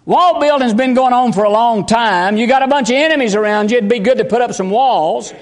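A man's voice: extremely high pitch, fairly quick. A man, preaching a fervent, folksy sermon as pastor. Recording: long hall reverb.

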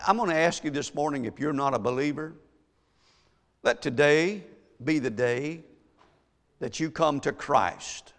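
A pastor preaching to his congregation, his voice slightly high and full of gravel. He reads scripture with rising, emphatic force. The sound carries a long church-hall reverb. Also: a bit bright. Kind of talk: sermon. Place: church sanctuary.

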